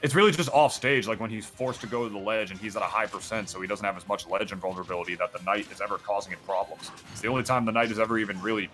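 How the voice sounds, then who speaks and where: A man commentating a fighting-game match in a casual, excitable, joking way, full of "like". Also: on the low side, rapid-fire, hardly any pauses, faint music behind. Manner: excitable, joking, chatty with filler "like". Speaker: esports commentator.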